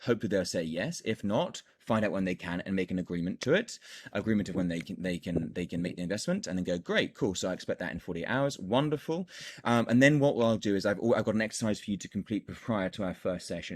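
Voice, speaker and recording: A man's voice: low-pitched, quick pace, a little mellow, breathy edge. A man coaching other coaches on closing sales calls, talking casually and with energy, repeating his points and acting out bits of dialogue. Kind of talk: casual teaching monologue.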